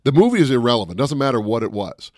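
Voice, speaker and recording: A man co-hosting a casual chat, telling stories with lively energy and shouting out the voices of people in them. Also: medium pitch, fast talker, dry recording, studio quality. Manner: animated storyteller, shouts out quoted voices. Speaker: co-host.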